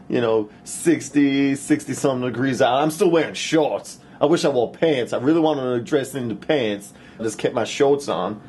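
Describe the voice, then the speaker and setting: A man at a desk mic walks through a software tutorial, cursing freely and rambling into side stories. His pitch sits mid-range, and a faint hiss runs under his voice. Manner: profane, rambling, keeps asking "right?". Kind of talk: casual screen-recorded tutorial with rambling story.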